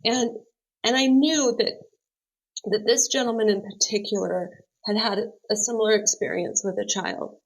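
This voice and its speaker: A woman's voice: mid-range voice, steady tone, normal speed, creaky, low-quality recording. A middle-aged woman, a podcast guest, telling a heartfelt personal story in an earnest, open way that livens up as she retells it.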